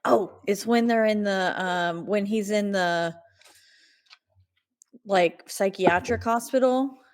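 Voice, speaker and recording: A woman's voice: mid-range voice, slow. A woman co-hosting a podcast, recapping a horror movie in casual chat, rambling with fillers and laughs. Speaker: podcast co-host.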